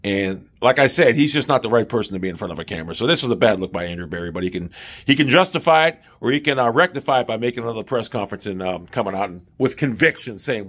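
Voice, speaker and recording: A man's voice: on the low side, fairly bright tone, breathy edge. A man delivering an opinionated solo sports commentary, emphatic and self-assured, repeating his main point.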